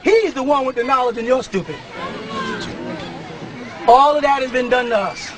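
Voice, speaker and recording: A man preaching to a live congregation, emphatic and often breaking into shouts, with chuckles at his own points. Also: very high-pitched, normal speed, a crowd in the background, background noise. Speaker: religious teacher addressing a congregation. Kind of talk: live sermon-style lecture. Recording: live talk with audience murmurs.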